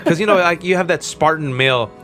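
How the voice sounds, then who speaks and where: A man in his forties, a podcast guest, talking candidly as an animated storyteller, earnest and self-mocking. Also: on the high side, fast, soft background music. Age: 40s. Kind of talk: candid conversational interview.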